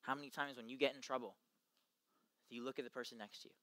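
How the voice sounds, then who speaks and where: A young man giving an earnest, emphatic youth talk to junior high boys, acting out the quotes he gives. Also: fairly even intonation, fast, a bit bright, dry recording. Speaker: youth ministry speaker.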